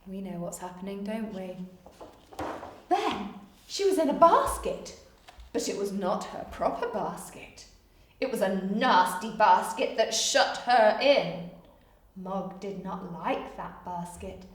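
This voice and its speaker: A woman reading a picture book aloud to children, with animated, coaxing asides that invite them to join in, recorded in an echoey room. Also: medium pitch, takes it slowly, recorded from a distance. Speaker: storyteller for children.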